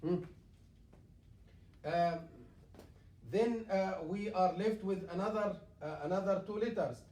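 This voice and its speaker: High-voiced imam, echoey and distant. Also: male voice, a little mellow. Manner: halting, many fillers, repeats and recites examples. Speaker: imam teaching Quran recitation. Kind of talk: classroom tajweed lesson. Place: mosque classroom. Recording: echoey room, mic far off.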